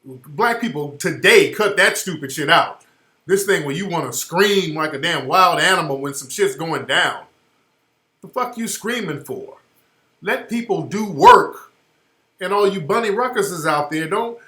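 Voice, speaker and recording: A high-voiced male radio host rants through his commentary, blunt and profane, and hammers his points with repetition. His tone is bright and sharp, and the room gives it a roomy echo. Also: animated, normal speed. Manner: blunt, profane, ranting, repeats phrases for emphasis.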